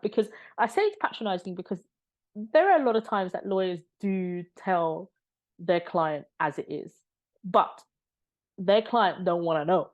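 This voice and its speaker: A woman's voice: lowish voice, expressive, normal speed, a little mellow. A woman giving casual, opinionated commentary as a vlogger, sarcastic and exasperated.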